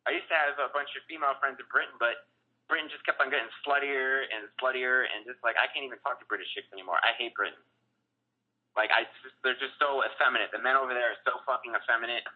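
Fast-talking husky man on a phone line. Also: mid-range voice, steady tone. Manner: profane, rambling, heated. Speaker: caller. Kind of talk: phone-in rant.

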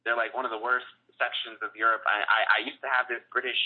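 A man's voice: medium pitch, little pitch movement, quick pace. A man calling in, ranting in a profane, rambling and heated way. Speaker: caller. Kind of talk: phone-in rant. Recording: tinny phone line.

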